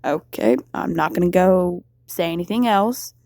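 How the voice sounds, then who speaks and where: A woman doing a gruff, awkward teen boy. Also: on the low side, unhurried, warm tone, no echo, clean studio sound. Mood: awkward, gentle. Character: cocky teenage boy, gruff bad-boy softie.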